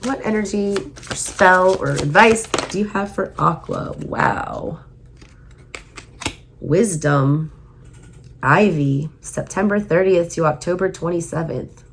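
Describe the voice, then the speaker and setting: A woman with a Southern US accent giving a casual tarot reading, emphatic and repeating her points, her voice going hoarse. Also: fairly low pitch, unhurried, a little hiss or hum. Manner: emphatic, repeats herself, urging viewers. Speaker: tarot reader.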